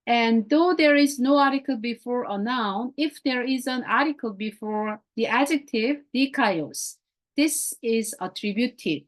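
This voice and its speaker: A woman with a fairly high voice leads a grammar class at an unhurried pace. She repeats key words and phrases patiently. She speaks English as a second language, with Korean as her first. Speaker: Greek teacher.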